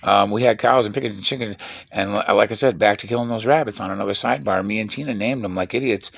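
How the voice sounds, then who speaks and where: A man talking fast in a rambling, profane, digressive vlog monologue from his half-built shed at night. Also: lowish voice, vocal fry, fairly bright tone. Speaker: vlogger.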